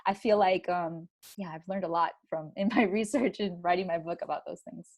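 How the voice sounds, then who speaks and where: A woman's voice: on the low side, fairly quick. A woman guest in an interview, telling stories animatedly with many "like"s and "you know"s. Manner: animated storytelling, many likes and you-knows. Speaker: guest, author. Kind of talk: conversational interview.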